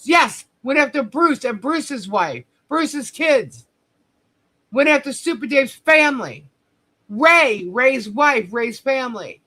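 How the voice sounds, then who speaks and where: A woman's voice: high-pitched, lively intonation, slow pace, sharp tone. A woman hosting a livestream, delivering a heated, profane, confrontational commentary rant. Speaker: livestream host.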